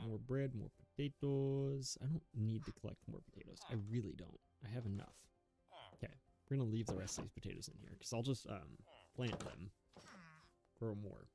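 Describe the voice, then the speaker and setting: A man's voice: mid-range voice, vocal fry. A young man giving rambling, self-mocking commentary while playing a video game, chuckling often. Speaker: gaming YouTuber. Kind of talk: casual gameplay commentary.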